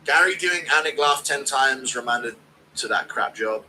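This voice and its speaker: A man's voice: mid-range voice, lively intonation, moderate pace, bright, forceful tone, slight background noise, poor audio. A man streaming a casual watch-along, joking crudely and reading out donations.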